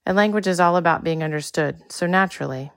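Reporter narration: woman, soft Texan accent, low voice, dry close sound. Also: dry recording. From Texas. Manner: measured, storytelling delivery. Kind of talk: scripted narration.

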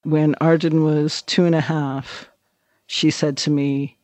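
A woman's voice: low voice, level tone, slow, a little mellow, no echo. An American woman, a linguist guest, explaining in a thoughtful conversational way with frequent fillers. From United States. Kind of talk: conversational interview.

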